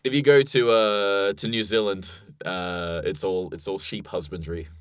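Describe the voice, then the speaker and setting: Man, Australian accent, low voice, dry close sound, playful rambling podcast banter. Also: steady tone, unhurried, fairly bright tone, smooth, no room sound. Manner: playful, laughs often, rambling asides. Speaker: co-host. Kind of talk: improvised comedy podcast chat.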